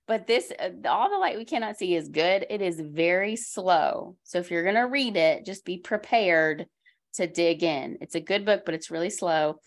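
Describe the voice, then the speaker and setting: A woman's voice: on the low side, animated, moderate pace. A woman hosting a school library podcast, chatting casually about books with many asides and easy laughs. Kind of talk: casual book talk chat.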